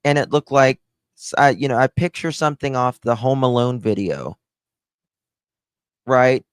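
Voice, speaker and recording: A man's voice: mid-range voice, measured pace, clear, resonant tone, no room sound, studio quality. A middle-aged man giving casual true-crime commentary to a live chat, blunt and sarcastic, brushing off claims he finds weak.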